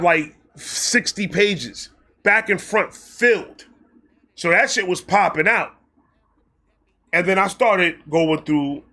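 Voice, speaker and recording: A man telling a personal story in a casual vlog, excitable, animated and full of profanity. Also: sits high. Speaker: storyteller host.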